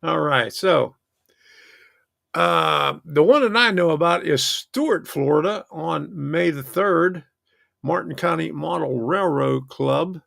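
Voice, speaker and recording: A man's voice: fairly high pitch, slow pace, gravelly, a bit bright, dry recording, clean studio sound. A man hosting a model train channel, chatting casually in a rambling, self-interrupting way. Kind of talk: casual livestream chat.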